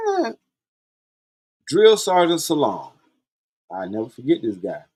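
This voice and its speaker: A man's voice: a little high, huge pitch swings, slow, a little mellow, husky. A man hosting a podcast, telling stories in a blunt, profane, laid-back way. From Columbia, South Carolina. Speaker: podcast host. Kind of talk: casual storytelling monologue.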